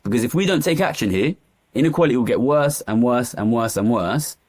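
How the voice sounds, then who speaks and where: Medium in pitch with a darkish tone, this man from East London is animated and brisk. He's an economist being interviewed candidly, arguing with passion and repeating phrases to drive points home.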